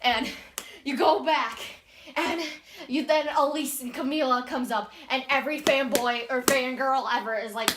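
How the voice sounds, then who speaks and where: A woman's voice: high voice, normal speed, noisy background. A woman who hosts a gaming channel, rambling casually through a game's story and acting out the characters' lines with many restarts. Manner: rambling, acts out quoted lines, frequent restarts. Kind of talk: casual rambling game recap.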